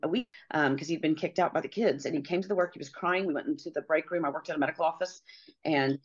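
A middle-aged woman telling a personal story as a guest, earnest and halting, with many pauses and fillers. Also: deep voice, highs cut off.

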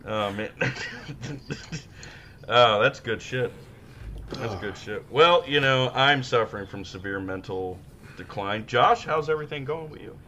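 A man co-hosting a podcast in casual chat, rowdy and profane, who shouts when acting out his stories. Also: mid-range voice, measured pace, pauses often, lo-fi sound, slight background noise. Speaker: podcast co-host.

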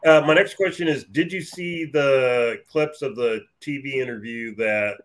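A man's voice: medium pitch, a little slow. A man co-hosting a casual wrestling podcast, adding dry, wisecracking asides. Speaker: podcast co-host. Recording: clear background noise.

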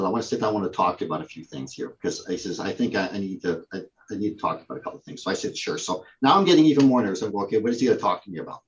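Brief: male guest, halting storyteller, lots of ums, dull lo-fi call audio. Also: medium pitch. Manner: halting, with many fillers and restarts. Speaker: prop company owner, guest. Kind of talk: casual anecdote telling.

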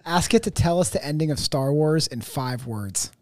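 A man's voice: fairly high pitch, lively intonation, normal speed, darkish tone, no room sound. Joking podcast co-host man, dry sound. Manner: joking, reads out chatbot answers in a put-on voice. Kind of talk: casual chat.

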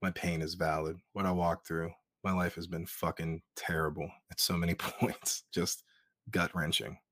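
A man's voice: low-pitched, level tone, normal speed, a bit bright, dry recording, studio quality. A man being interviewed as an author, speaking in a heartfelt, earnest way and swearing now and then. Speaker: guest, author. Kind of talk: emotional interview talk.

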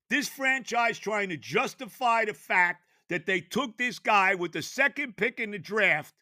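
A man, ranting on his sports podcast, exasperated and stammering, often shouting. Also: high voice, expressive, a little slow, few pauses, no room sound. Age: 70s. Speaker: podcast host.

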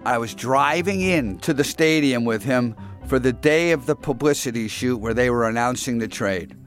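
A man's voice: mid-range voice, moderate pace, faint music behind. Candid older man recalling his past. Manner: candid, storytelling, regretful. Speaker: interviewee. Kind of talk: reflective interview recollection.

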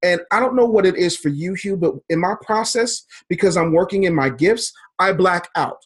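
A man's voice: high voice, lively intonation, moderate pace, husky. A man, a business coach, talking fervently in an interview, building points in preacher-like repeated phrases. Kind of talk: motivational interview talk.

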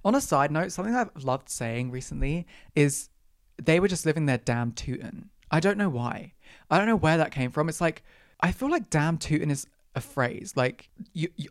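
A woman's voice: sits low, lively intonation, normal speed, dry recording, studio quality. A young woman hosting a solo podcast, ranting with exaggerated, sweary outrage. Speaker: podcast host. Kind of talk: solo comedic rant.

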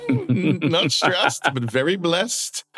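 A middle-aged man hosts a podcast with flamboyant sass, tossing out rhyming quips. His pitch swoops widely as he talks. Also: big pitch swings, slow, a bit bright, soft background music. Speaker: podcast co-host. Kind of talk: campy casual chat.

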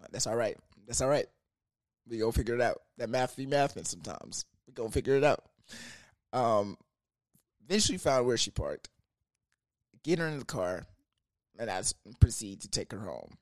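A young man casually telling a personal story, loose and slangy, with animated asides and frequent laughs. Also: medium pitch, moderate pace, pauses often, dry recording, clean studio sound.

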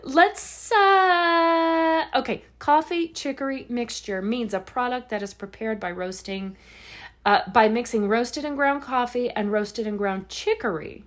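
A woman's voice: a little high, unhurried. A woman from Louisiana co-hosting a podcast, telling a rambling, profane story with frequent laughs. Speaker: podcast co-host. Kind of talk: casual chat.

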